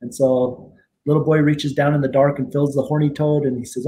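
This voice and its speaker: A middle-aged man being interviewed as a guest, telling stories in a relaxed, rambling way, with many fillers and restarts. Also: mid-range voice, a little fast, slight background noise. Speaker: guest attorney and tribal judge. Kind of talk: casual interview storytelling.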